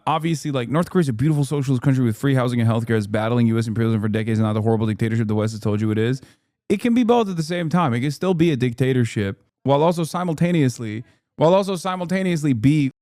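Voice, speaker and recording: A man hosting a stream, reacting to a video in rapid, argumentative, exasperated casual commentary. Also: mid-range voice, darkish tone, no echo, clean studio sound. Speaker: streamer host.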